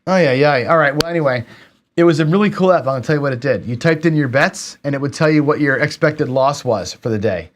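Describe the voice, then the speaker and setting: A man's voice: fairly high pitch, fairly quick, slight background noise. A man hosting a live stream, talking casually and muttering to himself in frustration as he searches his computer. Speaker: livestream host.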